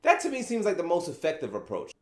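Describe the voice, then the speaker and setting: A man hosting his own opinion commentary vlog, animated and sarcastic, asking rhetorical questions. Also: a little high, quick pace. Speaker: channel host. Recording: echoey room.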